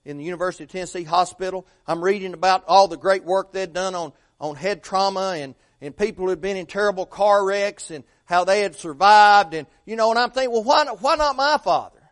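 A middle-aged man preaching a sermon, asking rhetorical questions and swinging between loud emphasis and hushed tones. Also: high-pitched, fairly quick, few pauses.

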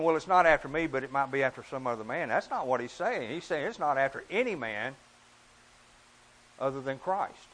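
A man's voice: fairly bright tone, poor audio. Earnest man preaching a sermon. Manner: earnest, emphatic, rises and drops in pitch and volume.

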